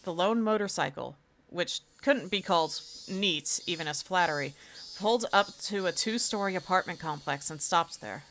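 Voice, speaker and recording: A woman game streamer with a fairly low voice narrating a visual novel aloud. She reads the prose evenly and drops into casual, chatty comments in between. A faint hum of noise sits behind her. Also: normal speed. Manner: casual, expressive asides between even narration.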